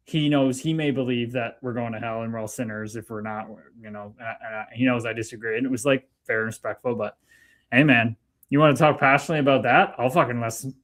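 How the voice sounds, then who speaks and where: A man chatting as a guest on a live stream, telling stories in an animated, excitable way with frequent swearing. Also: medium pitch. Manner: animated storyteller, profane, excitable. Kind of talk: casual live-stream chat.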